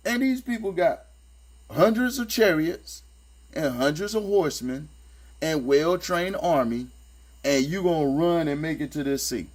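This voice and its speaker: This man's delivery is animated yet unhurried as he works through scripture with casual, critical remarks. He talks with street-smart sarcasm and emphasis, circling back to the same points, while a low hum of electrical noise lingers in the background.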